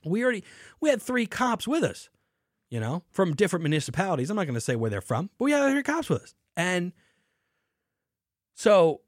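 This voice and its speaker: Profane, animated male storyteller. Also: high-pitched, fairly quick, long pauses, dry recording, studio quality. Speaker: podcast host. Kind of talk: casual storytelling and beer talk.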